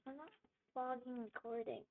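A woman giving gameplay commentary, frustrated, swearing and yelling at the game. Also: high-pitched, fairly even intonation, moderate pace. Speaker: gamer. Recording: tinny phone-like audio with faint noise.

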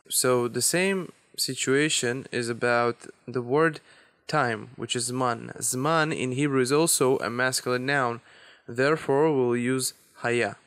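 Man, language teacher, slow deliberate explanations, medium pitch, dry close sound. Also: fairly bright tone, no echo. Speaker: Hebrew teacher. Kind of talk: language lesson.

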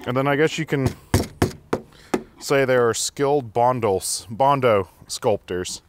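A man's voice: mid-range voice, unhurried. Chatty man in a noisy garage. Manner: chatty, amused, laughs while working. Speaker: garage host. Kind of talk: casual workshop vlog. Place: garage workshop.

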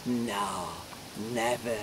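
A man's voice: fairly low pitch, wildly swooping pitch, extremely slow, creaky, background noise, voice pushed down, heavily acted. A man playing a mocking jester friar. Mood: sarcastic. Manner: theatrical, ironic praise, sudden shouted outbursts. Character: medieval friar jester preaching to a warlike crowd, man, mocking and exuberant. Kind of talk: one-man stage performance.

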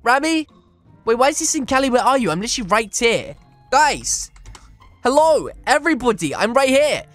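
A man hosting energetic gameplay commentary, excitable and reading chat aloud, with "flipping" in place of swear words. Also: extremely high pitch, moderate pace, dry recording, faint music behind. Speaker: gaming channel host.

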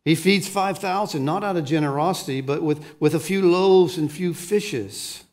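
A male pastor delivers a sermon in a fairly high voice. He drops to a hush for solemn lines and rises to emphatic bursts, often repeating a word as he gets a thought going. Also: moderate pace. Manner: animated preaching, swings from hushed to emphatic; repeats words when starting a thought.

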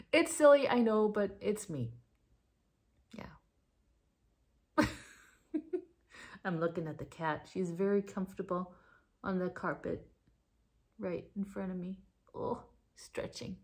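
A middle-aged Danish woman with a slight American tinge to her accent, rambling excitedly in a casual knitting vlog. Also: lowish voice, breathy edge. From Denmark. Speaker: knitting vlogger. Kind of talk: casual chat.

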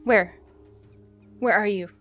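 A woman streamer commentating a first playthrough of a video game, excitable with many exclamations. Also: mid-range voice, slow, soft background music. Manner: excitable, frequent exclamations and whispers. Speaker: gaming streamer. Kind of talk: let's play commentary.

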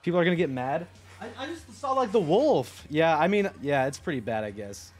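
A man's voice: on the high side, very animated, a little fast, slightly rough. Young guy streamer rambling to chat, swears a lot, faint music behind. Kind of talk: casual live-stream chat.

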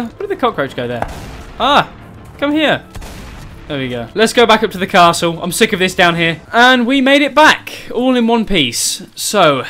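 A man's voice: on the high side, a bit bright. A young man giving chatty let's-play commentary, talking straight to his viewers and crying out when startled. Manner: jumpy, exclaims often when startled; chatty, talks to viewers directly. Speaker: gaming YouTuber.

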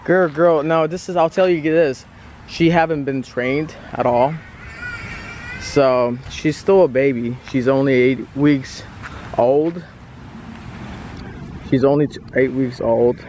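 Slow, easygoing man vlogging outdoors. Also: mid-range voice, steady tone, darkish tone, a little hiss or hum. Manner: easygoing and chatty, repeats himself. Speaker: vlogger showing his new puppy. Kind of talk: casual vlog chat.

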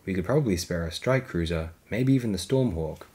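Guy doing a dutiful ship captain, formal, a bit raised and tense, still low voice. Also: animated, fairly quick, a little mellow. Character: dutiful middle-aged male starship captain.

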